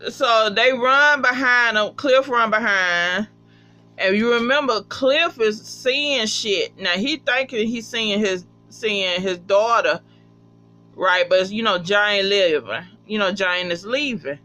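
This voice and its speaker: A vlogger casually recapping a TV episode, profane and animated, acting out the characters' lines. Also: mid-range voice, takes it slowly, slight background noise. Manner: profane, animated, acts out quotes. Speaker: TV episode reviewer.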